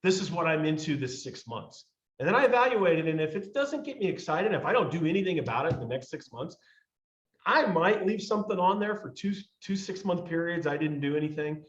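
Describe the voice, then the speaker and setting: A man with a fairly high voice delivers a motivational talk to a team call. He repeats lines for emphasis and swells toward near shouts. His voice comes through a roomy, slightly muffled lo-fi line. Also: lively intonation, brisk.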